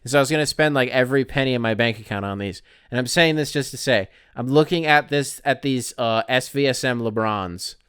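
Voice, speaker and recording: A man from the Detroit area tells a story on his podcast in a loose, rambling way, full of fillers and casual swearing. His voice is smooth and clear. The recording is close and dry. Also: mid-range voice, a little fast, hardly any pauses, a bit bright, dry recording. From Detroit area, Michigan. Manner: rambling, profane, lots of fillers. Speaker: podcast host.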